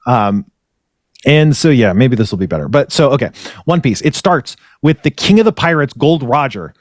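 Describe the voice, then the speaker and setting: A man's voice: medium pitch, expressive, normal speed, no echo, studio quality. A man hosting a podcast, retelling a story in a rambling way and correcting himself often. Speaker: podcast host. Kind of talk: casual chat.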